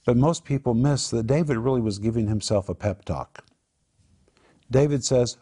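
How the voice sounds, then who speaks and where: Husky man teaching the Bible earnestly. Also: medium pitch, moderate pace, dark tone. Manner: earnest, emphatic, builds to raised exhortation. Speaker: Bible teacher and program host.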